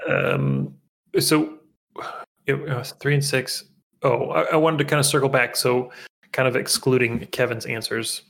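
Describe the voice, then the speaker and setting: A man's voice: medium pitch, expressive, a little slow, creaky, fairly bright tone, a little hiss or hum. A man co-hosting a podcast in casual, playful chat, musing aloud and trailing off into fillers. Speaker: podcast co-host.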